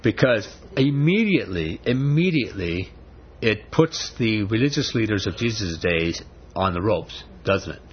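A man's voice: fairly low pitch, very animated, unhurried, husky, highs cut off. A man preaching a sermon with emphatic delivery, asking rhetorical questions and pressing his points with rising emphasis.

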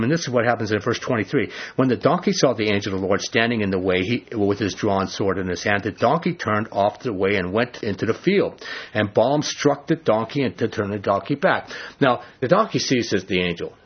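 Husky-voiced man preaching with animated humor. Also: on the low side. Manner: animated storytelling, earnest and joking. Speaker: pastor. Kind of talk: expository sermon. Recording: dull lo-fi recording.

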